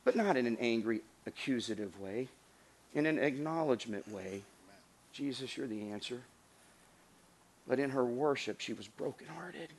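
A man preaching a sermon as pastor, earnest, rising to emphatic lines and dropping to soft hushed passages. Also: medium pitch, expressive, normal speed, husky.

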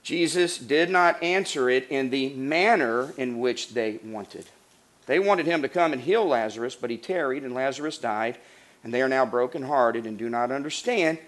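A man preaching a sermon as pastor, earnest, rising to emphatic lines and dropping to soft hushed passages. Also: mid-range voice, normal speed.

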